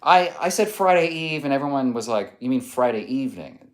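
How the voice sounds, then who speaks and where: A man hosting a relaxed live stream, reading viewer comments aloud and riffing on them with easy laughter. His pitch moves around a lot, rising and falling as he jokes. He talks in a casual, chatty way from an indoor setup. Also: brisk. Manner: playful, laughs often, reads comments aloud.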